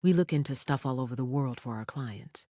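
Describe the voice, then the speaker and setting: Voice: medium pitch, fairly quick, dark tone, dry recording, studio quality, voice pushed down, lightly acted. An audiobook narrator voicing a polite, careful woman private investigator on a phone call. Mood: businesslike.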